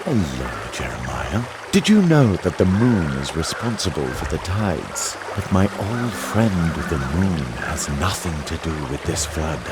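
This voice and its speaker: A man voicing a mysterious, gentle mage who loves the night, speaking in a slow, measured way in a video game. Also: low voice, heavily acted.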